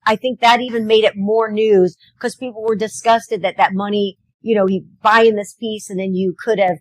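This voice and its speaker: A woman's voice: mid-range voice, fairly even intonation, normal speed, no room sound, rough recording. A woman co-hosting a live local show at an outdoor street fair, chatting casually and laughing often.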